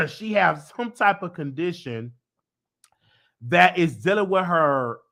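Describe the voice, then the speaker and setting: Guy hosting a chat show, high voice, tells stories all animated, sings bits, does voices. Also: slow pace, vocal fry. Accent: Southern US. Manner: animated storytelling, breaks into singing, acts out voices. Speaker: host. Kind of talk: casual chat.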